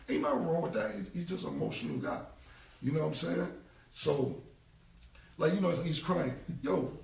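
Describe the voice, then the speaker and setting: A man, ranting on a casual live stream. His speech is blunt and repetitive, with a gravelly, slightly high voice. He sits a little off the mic in a roomy space. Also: distant mic. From United States. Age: 40s. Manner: blunt, repetitive street talk. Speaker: rapper. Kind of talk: casual Instagram live rant.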